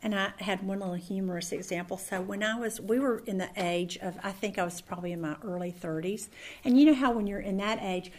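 A middle-aged woman leads a Bible study in a chatty, conversational way, telling stories with lots of fillers and restarts. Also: mid-range voice.

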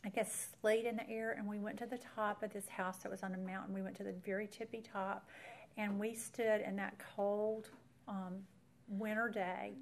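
A woman's voice: mid-range voice, little pitch movement, normal speed, vocal fry, slight background noise. A woman, earnestly telling a personal faith story to an audience as a Bible teacher. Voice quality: earnest storyteller who speaks straight to the audience. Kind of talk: personal faith testimony talk.

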